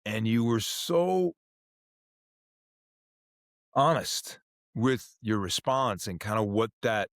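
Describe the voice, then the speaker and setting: A man hosting a podcast interview, talking in an energetic, enthusiastic way with quick repeated words. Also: fairly low pitch, no echo, clean studio sound. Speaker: podcast host. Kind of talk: casual interview.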